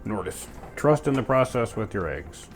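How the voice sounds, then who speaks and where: A man with a fairly low, animated voice speaks at a moderate pace, narrating his home cooking step by step. His style is goofy and chatty, with lots of playful sound words. Music plays clearly under him while pans clatter.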